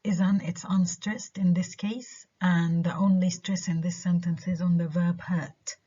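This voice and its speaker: A woman lecturing on English stress with a Levantine Arabic accent, a native Arabic speaker who explains slowly through repeated examples and keeps checking that students follow. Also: lowish voice, little pitch movement, warm tone, slightly rough. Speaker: university lecturer. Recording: dull lo-fi lecture recording.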